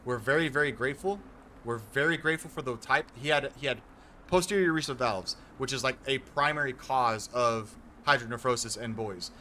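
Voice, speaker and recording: A man's voice: medium pitch, a little fast, pushed and bright, a little hiss or hum. A young man streaming a game, talking casually and earnestly to his viewers from a home setup, rambling and restarting as he explains. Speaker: gaming streamer.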